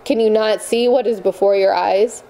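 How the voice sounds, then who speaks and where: An old grandmother speaks slowly and gravely, full of quiet authority, as a woman puts her on while reading. The voice is warm and mellow. A figure from an audiobook. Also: medium pitch, fairly even intonation, close to an everyday voice, low-quality recording. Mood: grave calm.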